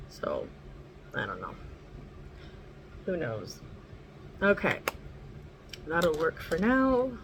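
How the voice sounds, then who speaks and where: A woman's voice: sits low, wildly swooping pitch, very slow, pauses often. Woman, casual makeup vlog, rambling, chatty, light cursing, home recording, faint background noise. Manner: talks sweetly to her dog. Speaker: makeup vlogger. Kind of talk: casual makeup tutorial chat.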